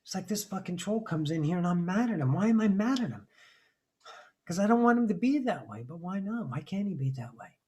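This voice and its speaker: A man holds forth in a live spiritual talk, pitched a little above the usual male range. He is intense and rambling, and he drops profanity freely as he presses his points about identity and freedom. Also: lively intonation, brisk, darkish tone. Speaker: spiritual teacher.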